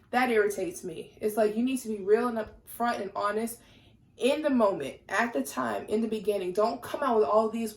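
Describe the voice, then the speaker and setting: A woman's voice: on the high side, normal speed, reverberant. A young woman chatting casually to her viewers while doing her makeup, sassy and candid, getting heated at times. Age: young adult. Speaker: lifestyle vlogger.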